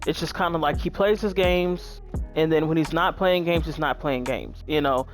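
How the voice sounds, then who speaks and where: A woman's voice: low-pitched, normal speed, faint music behind. Chatty woman gamer talking to viewers. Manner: chatty, relaxed, says "y'all" and "um" a lot. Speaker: gaming YouTuber. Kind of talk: casual gameplay commentary.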